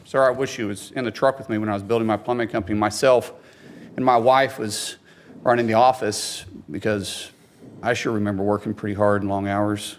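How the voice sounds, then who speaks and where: A man's voice: medium pitch, moderate pace, slight background noise. A man questioning a witness at a hearing, combative and reading quotes aloud. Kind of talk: hearing confrontation.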